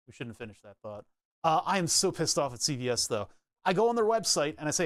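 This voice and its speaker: A man's voice: on the high side, big pitch swings, quick pace, no room sound, studio quality. A young man chatting casually while tinkering at his workbench, rambling and laughing at himself. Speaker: maker streaming his workbench. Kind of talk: casual chat.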